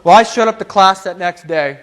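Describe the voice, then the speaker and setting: High-voiced man telling a funny story. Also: brisk, some chatter behind. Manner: animated, humorous storyteller. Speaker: motivational speaker. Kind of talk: storytelling keynote talk.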